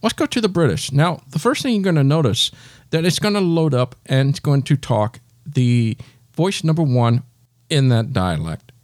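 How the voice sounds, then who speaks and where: A man's voice: mid-range voice, lively intonation, normal speed, darkish tone, no room sound, studio quality. A man hosting a step-by-step tutorial, patiently talking the listener through each gesture. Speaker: tech tutorial host.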